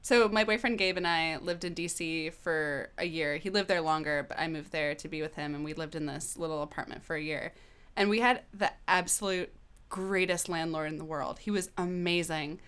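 A woman in her thirties tells a personal story in a relaxed, open way, dropping casual swear words. Her voice is fairly low and sounds smooth and clean. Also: normal speed. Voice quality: candid, animated, swears casually. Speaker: guest.

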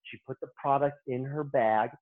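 A middle-aged man, a hairstylist guest, telling lively anecdotes in casual podcast chat and acting out the lines people said. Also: medium pitch, normal speed. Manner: lively anecdote-teller who acts out quoted lines. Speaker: hairstylist and beauty-industry guest. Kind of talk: casual storytelling in a podcast interview. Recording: tinny phone-line audio.

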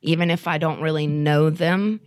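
Chatty young woman, low-pitched. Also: fairly even intonation, normal speed, clean tone. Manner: casual, chatty, many fillers like "you know". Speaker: guest, program alumna. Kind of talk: candid podcast interview.

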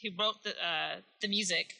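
Very bright-voiced young woman chatting. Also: mid-range voice, normal speed, vocal fry, low-quality recording. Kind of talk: casual movie chat.

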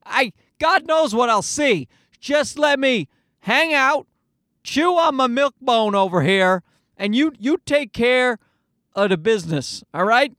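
A man's voice: extremely high pitch, expressive, slow, bright, forceful tone, dry recording, clean studio sound, voice pushed up, exaggerated voice. A man voicing a male pet dog who frets about being in charge, in an exaggerated, whiny inner voice. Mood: laid-back.

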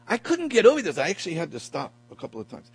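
A man preaching a sermon to a men's breakfast in a church hall, telling stories dramatically and swinging from quiet talk to loud cries. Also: a little high, huge pitch swings, rapid-fire, breathy edge.

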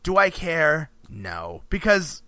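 A man's voice: fairly high pitch, big pitch swings, slow, sharp tone, smooth, no echo. A man co-hosting a podcast in casual chat, rambling with frequent restarts and laughs between phrases. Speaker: podcast co-host.

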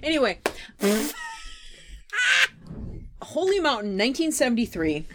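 A woman co-hosting a casual film chat, playful and quick to laugh. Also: a little high, sing-song, very noisy. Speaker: podcast co-host.

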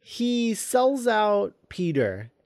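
Male co-host, joking casual film talk, slightly high, lively, dry close sound. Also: extremely slow, no room sound. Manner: animated, joking.

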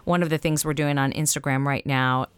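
A woman with a Southern US accent talks in a loose podcast chat. Her voice sits on the low side, and she speaks in an animated way that often breaks into laughter. The sound is dry and close. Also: a little fast, clean tone, no echo. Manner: chatty, animated, laughs often, trails off mid-sentence. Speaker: podcast co-host. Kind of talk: casual chat about witchcraft practice.

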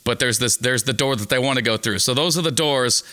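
A man's voice: medium pitch, brisk, bright, forceful tone. A man co-hosting a comedy podcast, riffing through a rambling bit full of fillers and restarts. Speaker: podcast co-host. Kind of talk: casual comedic chat.

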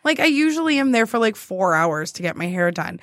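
A woman's voice: medium pitch, big pitch swings, brisk, fairly bright tone, dry recording. A woman co-hosting a casual chat show, telling a dating story with frequent laughter. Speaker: podcast co-host.

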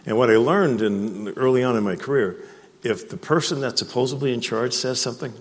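A man's voice: medium pitch, brisk. A man, a chief executive, speaking plainly to a live breakfast audience and repeating words as he searches for them. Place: event hall. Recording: long reverb of a hall.

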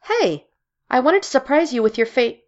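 A cheerful, caring young woman, as a storyteller puts her on, speaking in a raised, gravelly-edged voice. She is eager and warm-hearted toward her girlfriend, heard through a dull lo-fi recording. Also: a little high, a little slow, voice pushed up.

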